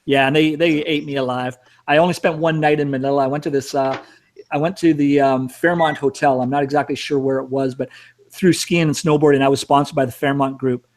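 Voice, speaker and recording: Fast-talking rambling man. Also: a little high, steady tone. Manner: rambling, self-mocking, cursing. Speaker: storyteller host. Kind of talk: casual travel storytelling.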